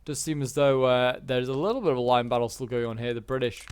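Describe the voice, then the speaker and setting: A man's voice: medium pitch, quick pace, slight background noise. A man giving chatty play-by-play commentary on a strategy game battle, with wry asides. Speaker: gameplay commentator.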